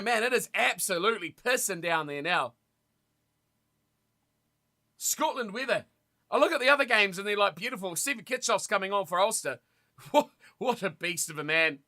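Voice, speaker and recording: A young man streaming a rugby watch party, commentating on the play and chatting casually with his viewers, with sudden loud reactions. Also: high voice. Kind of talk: casual live commentary and chat.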